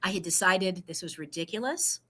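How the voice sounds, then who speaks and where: A woman's voice: on the low side, lively intonation, normal speed, sharp tone, breathy edge. A middle-aged woman, a business owner, telling her story in a casual interview and acting out the voices of people she quotes. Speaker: guest entrepreneur.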